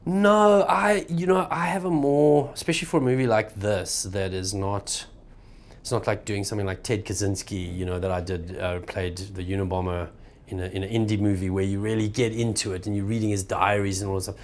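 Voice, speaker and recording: A middle-aged man with a South African accent talks in an easygoing, casual way, tossing in "man" and "bro". His voice sits a little low. He laughs easily as he answers. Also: fairly even intonation, brisk, a little hiss or hum. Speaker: actor guest. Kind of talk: casual interview chat.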